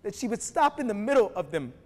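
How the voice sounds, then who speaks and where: A man performing slam poetry before an audience, rhythmic, with emphatic rises between relaxed, joking asides. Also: high-pitched, fast talker. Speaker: performance poet. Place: university hall before an audience. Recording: long hall reverb from a live stage.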